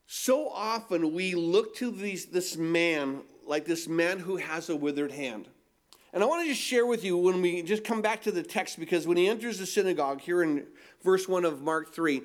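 Male pastor, high voice, emphatic sermon delivery with rhetorical questions. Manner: emphatic, repeats phrases and asks rhetorical questions.

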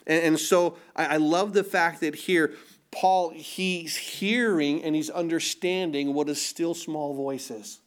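A middle-aged man preaching a sermon, earnest, often repeating words and dropping to a hush for emphasis. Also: fairly high pitch, fairly even intonation, unhurried. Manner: earnest, repeats words, swings between loud emphasis and hushed quiet. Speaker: pastor.

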